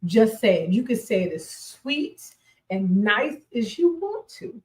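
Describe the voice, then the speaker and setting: Woman in her 40s hosting a faith talk show, slow and emphatic, keeps repeating herself, echoey room. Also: a little high, sing-song. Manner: emphatic, repeats key phrases, laughs often. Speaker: radio show host. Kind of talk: faith-based motivational talk. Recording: roomy echoey sound.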